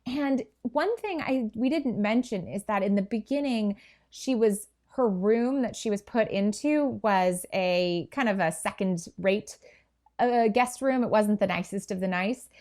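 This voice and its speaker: A woman's voice: mid-range voice, unhurried, a little mellow. A woman co-hosting a podcast, talking through a book in a thoughtful, enthusiastic way with small restarts. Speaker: podcast co-host. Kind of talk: casual book chat.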